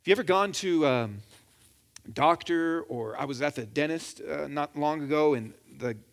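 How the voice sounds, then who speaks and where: A man's voice: a little high, moderate pace, gravelly. A man preaching a sermon in a conversational, joking way, acting out little quotes as he goes. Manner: animated, conversational with jokes and acted quotes. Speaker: pastor.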